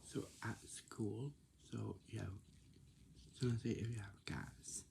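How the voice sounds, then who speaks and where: A man slowly explaining everyday manners, repeating himself and checking in with "right?" then answering "yeah". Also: on the low side, fairly even intonation, creaky, a little mellow, a little hiss or hum. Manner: slow, repetitive, asks "right?" and answers "yeah". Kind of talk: casual explanatory talk.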